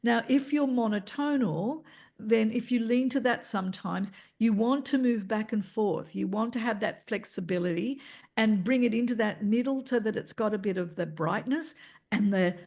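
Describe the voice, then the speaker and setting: A woman, leading an online voice workshop in an energetic, encouraging way and demonstrating vocal tones as she teaches. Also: medium pitch, moderate pace. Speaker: voice coach running an online workshop.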